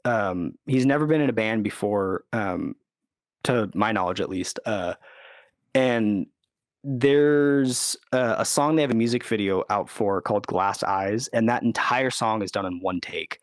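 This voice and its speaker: A man's voice: on the low side, measured pace, no room sound, studio quality. A man talking casually as a podcast guest, rambling with lots of fillers and quoting others. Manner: rambling, full of "like" and "you know", acts out quotes. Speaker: recording engineer and producer, guest. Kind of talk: casual interview talk.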